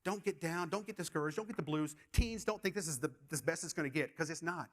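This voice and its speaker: A man's voice: a little high, fast talker. A middle-aged man preaching a sermon, telling stories with lots of energy and often repeating words as he gets going. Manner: animated storytelling, repeats words when excited. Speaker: pastor.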